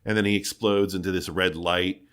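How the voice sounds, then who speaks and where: A man with a lowish voice chats loosely on a gaming podcast. He rambles through his points and pads them with fillers. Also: fairly even intonation, normal speed, fairly bright tone. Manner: laid-back, rambling with many fillers. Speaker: podcast co-host. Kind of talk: casual gaming podcast chat.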